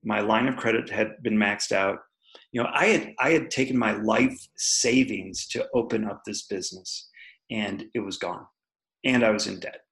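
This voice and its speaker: Male podcast guest, candid storyteller, gravelly voice, laughs often. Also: lowish voice, normal speed, a bit bright, low-quality recording. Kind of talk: personal storytelling in an interview.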